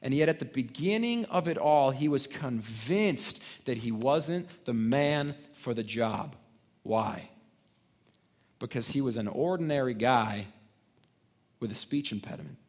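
A pastor delivering a conversational sermon, stumbling over restarts and tossing in tag questions, swinging between loud emphatic points and quiet drops. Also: male voice, medium pitch, lively intonation, a little slow.

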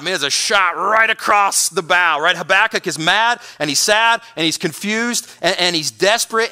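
Energetic high-voiced male preacher. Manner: energetic, emphatic preaching with repetitions. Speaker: pastor. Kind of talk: sermon.

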